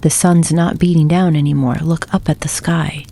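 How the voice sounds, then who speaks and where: A woman voicing an anxious, hurried hen in a storybook, calling out in alarm. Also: low voice, little pitch movement, creaky, mellow, a little hiss or hum.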